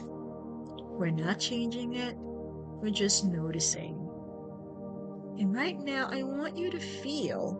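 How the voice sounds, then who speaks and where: Slow-spoken woman guiding a meditation. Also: medium pitch. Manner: slow, soothing, gently instructive. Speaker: meditation guide. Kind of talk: guided meditation. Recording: music playing behind the voice. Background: new-age music.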